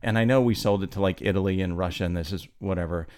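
A man who writes screenplays, chatting casually and telling anecdotes with lively energy. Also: sits low, fast, clear, resonant tone. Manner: animated storyteller, acts out quotes. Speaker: screenwriter guest. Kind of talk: casual storytelling chat.

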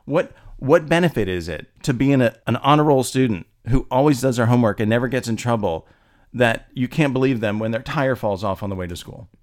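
Animated man telling a story. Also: mid-range voice, a little fast. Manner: animated, laughs often, rising with indignation. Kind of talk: casual storytelling.

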